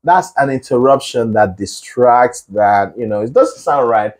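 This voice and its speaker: Husky male vocal coach. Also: mid-range voice, lively intonation, a little slow, a little mellow. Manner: encouraging, explains with analogies. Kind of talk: one-on-one singing lesson.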